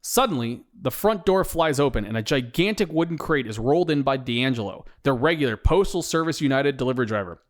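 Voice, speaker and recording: Brief: male narrator, deadpan comic storytelling, mid pitch. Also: fairly quick, hardly any pauses. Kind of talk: comic audio-fiction narration.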